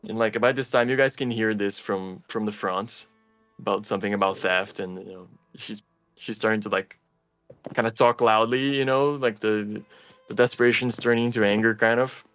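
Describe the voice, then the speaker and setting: A man running a tabletop game as game master, describing scenes in a halting way with many fillers. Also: on the low side, steady tone, a bit bright, clear, resonant tone, dry recording, soft background music.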